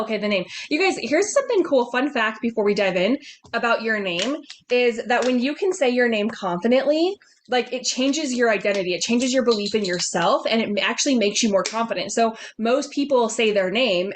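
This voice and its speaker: A woman's voice: on the high side, slight background noise. A woman business coach giving upbeat, chatty sales coaching on a group video call, laughing often.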